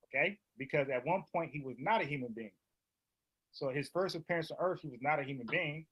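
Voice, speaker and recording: A man, debating and explaining a Bible word in casual, animated talk, often restarting his phrases. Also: a little high, a little fast, breathy edge, lo-fi sound. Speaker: online Bible teacher.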